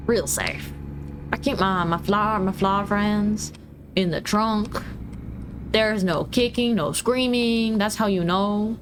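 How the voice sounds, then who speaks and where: A woman's voice: mid-range voice, lively intonation, background noise, close to an everyday voice. Woman putting on a bragging drawling trucker. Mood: boastful. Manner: slow, drawn-out bragging. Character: boastful swaggering trucker with a drawl.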